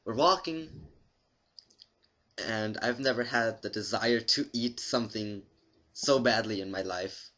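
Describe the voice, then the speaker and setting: Young male vlogger, low bright voice, rambling and profane, muffled lo-fi webcam sound. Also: a little slow, pauses often. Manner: rambling, profane, deadpan asides. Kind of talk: casual storytelling to camera.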